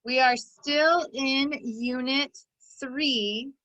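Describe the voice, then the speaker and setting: A woman's voice: high-pitched, extremely slow, bright, forceful tone, no echo, poor audio. A woman teaching a recorded phonics lesson to children, giving encouraging step-by-step instructions.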